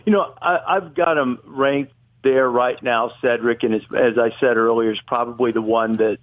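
Over a tinny, phone-like connection with no room sound, a mid-range male voice holds a steady tone at a moderate pace. He's a guest on a podcast, arguing about college football in a loose, opinionated way, drifting off track and revising what he just said.

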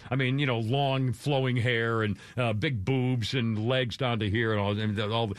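A man's voice: mid-range voice, fairly even intonation, moderate pace, smooth, no echo. An older man hosting a radio show, rambling through a self-deprecating chat with chuckling asides.

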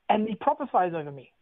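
A middle-aged man speaks as an interview guest, telling a personal story in a casual, animated way. His voice sits a little high for a man, and he slips into the voices of the people he describes. The sound is tinny, like a phone call, and completely dry. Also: dry recording. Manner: animated storyteller who acts out quotes. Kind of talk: casual spoken testimony.

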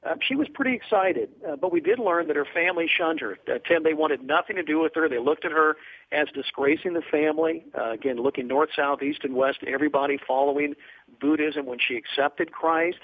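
A man's voice: fairly high pitch, a little fast, breathy edge. A man, a ministry guest on a radio talk show, telling an earnest story with many fillers over a phone line.

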